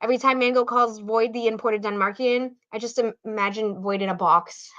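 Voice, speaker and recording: Bright cheerful woman reading chat comments. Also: fairly high pitch, steady tone, fairly quick. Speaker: podcast co-host reading comments. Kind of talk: casual live-stream chat. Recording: dull lo-fi sound.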